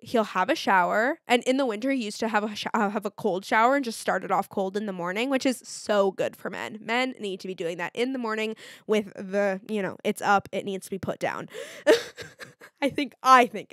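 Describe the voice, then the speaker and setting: A woman's voice: mid-range voice, lively intonation, normal speed, fairly bright tone, no room sound, clean studio sound. A young woman hosting her own podcast, chatting candidly and swearing freely as she tells stories. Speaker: podcast host. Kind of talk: casual solo podcast chat.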